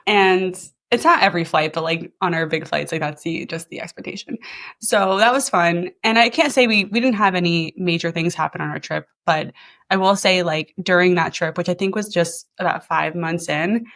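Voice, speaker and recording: Woman, thirties, podcast host, casual chat, chatty, laughs a lot, lowish voice. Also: normal speed, a bit bright. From New Jersey. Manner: chatty, laughs often, many likes.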